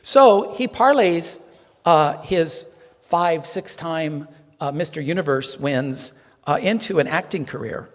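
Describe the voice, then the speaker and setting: A reverend gives a relaxed, chatty sermon, joking with his congregation and pausing on plenty of fillers. His voice sits a little high for a man. The sound rings with the long reverb of a temple hall. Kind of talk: casual sermon.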